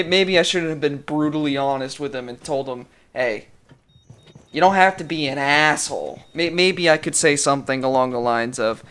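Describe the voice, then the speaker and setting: A man's voice: medium pitch, sharp tone. A young man in a casual, profane comedic rant, swearing constantly and stammering through restarts.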